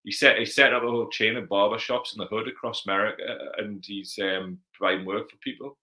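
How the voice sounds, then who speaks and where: Forceful low-voiced Geordie man. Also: fairly even intonation, a little fast, poor audio. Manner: blunt, sweary, chatty, reads out viewer comments. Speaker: livestream host. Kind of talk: casual livestream Q&A chat.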